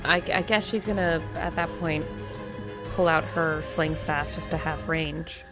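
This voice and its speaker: Woman at the game table, low and kinda gravelly, unsure, music playing. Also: fairly even intonation, unhurried. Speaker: player. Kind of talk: casual tabletop play.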